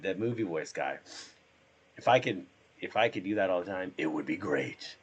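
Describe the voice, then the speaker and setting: A hoarse man, sick, chatting casually and rambling as he streams himself playing a drone simulator. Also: low-pitched, lively intonation, moderate pace. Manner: rambling, trails off.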